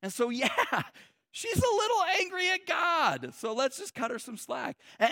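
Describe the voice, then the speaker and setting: Guy preaching real casual, lots of "like", kinda high voice, dead dry sound. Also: pushed and bright, dry recording. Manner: conversational and humorous, many restarts and "like". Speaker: pastor. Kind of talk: sermon.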